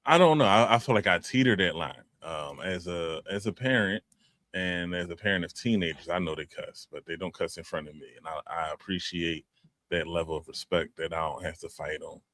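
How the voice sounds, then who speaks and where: A man's voice: sits low, fairly quick, fairly bright tone, no echo, clean studio sound. A middle-aged man co-hosting a podcast, talking in a laid-back, rambling way with lots of restarts. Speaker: podcast co-host. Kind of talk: casual chat.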